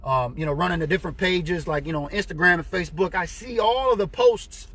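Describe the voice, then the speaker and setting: Husky, high-voiced man chatting on a livestream. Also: fairly quick. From United States. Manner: chatty, animated, frequent "you know what I'm saying". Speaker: fan group owner and live-stream host. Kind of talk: casual live-stream chat. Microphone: computer or phone mic on a live stream.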